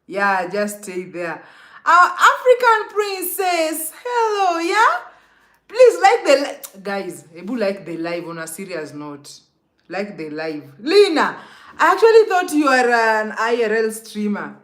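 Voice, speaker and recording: Chatty Kenyan woman on a slow live stream. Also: mid-range voice, big pitch swings. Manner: chatty, greets commenters by name, laughs often. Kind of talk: casual live-stream chat with viewers.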